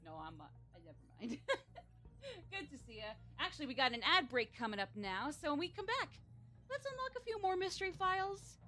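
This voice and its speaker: A woman with a slightly high voice streams a game live and chats casually about it. She rambles through her asides and laughs often. Faint game music plays underneath. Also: animated, quick pace, pushed and bright.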